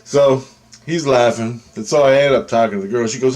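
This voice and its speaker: A vlogger with a medium-pitched voice talks fairly quickly as he shares a personal story. His telling is loose and animated, full of fillers and restarts, and he performs the quoted words of others.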